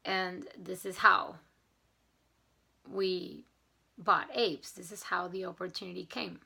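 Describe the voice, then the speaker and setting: Earnest woman vlogger with a gravelly, bright voice. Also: on the low side, steady tone, slow. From not from Canada. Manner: earnest, grateful, getting emotional; enthusiastic about mindset and gratitude. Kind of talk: casual chat to camera.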